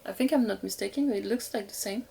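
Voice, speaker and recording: A woman's voice: medium pitch, quick pace, creaky, dark tone, breathy edge. A young woman with a French accent, chatting casually and gushing as she unboxes dolls for her viewers. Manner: gushing, giggly, talks to viewers. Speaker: doll collector vlogger.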